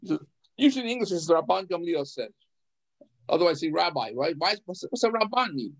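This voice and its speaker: A man with a high voice leads an adult education class. He explains a text in a halting way, repeating words, putting questions to his students and chuckling between points. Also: big pitch swings, fairly bright tone, low-quality recording. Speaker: rabbi teaching adult education.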